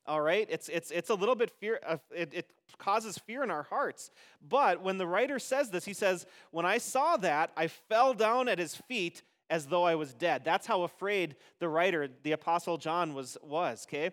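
A man leading a children's message during a church service, talking gently and playfully with many restarts. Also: high voice, expressive, moderate pace, in a large hall. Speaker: pastor. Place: church sanctuary.

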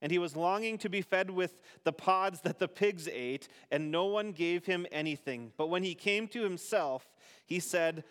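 A man's voice: sits high, fairly bright tone, smooth. Male pastor reading scripture in an echoing hall. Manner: unhurried reading aloud to a congregation. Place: church sanctuary. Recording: long reverb of a church hall.

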